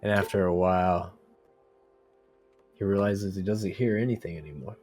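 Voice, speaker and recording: A young man with a low voice runs a tabletop game over voice chat, narrating scenes in a calm, descriptive way. Faint music sits under his words. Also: normal speed, breathy edge. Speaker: game master.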